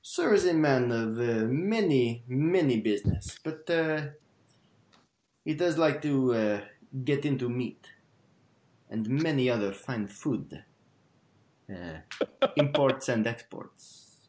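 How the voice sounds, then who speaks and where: A man voicing a polite, fussy male butcher shopkeeper with a put-on foreign accent, speaking haltingly with many fillers, in a roomy space. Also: mid-range voice, lively intonation, a little mellow. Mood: courteous. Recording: roomy echo.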